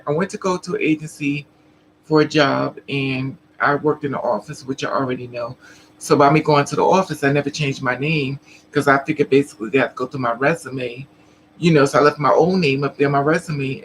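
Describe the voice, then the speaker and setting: A woman's voice: low-pitched, steady tone, a little fast, a little hiss or hum, rough recording. A trans woman telling a story casually to her live chat, laughing often and acting out the other people in it. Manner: chatty, laughing, acts out other people's lines. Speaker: vlogger.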